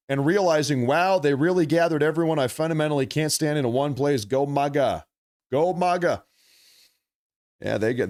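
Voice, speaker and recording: A man's voice: a little high, darkish tone. A man hosting a live stream, giving blunt, opinionated commentary in a conversational way.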